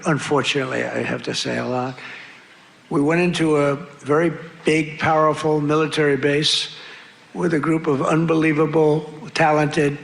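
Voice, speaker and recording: A man's voice: on the high side, vocal fry, a bit bright. A man giving a rally speech in a large venue, boastful and repetitive, with rambling asides. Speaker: political rally speaker. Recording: crowd noise from a live rally. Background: cheering crowd and ambient noise.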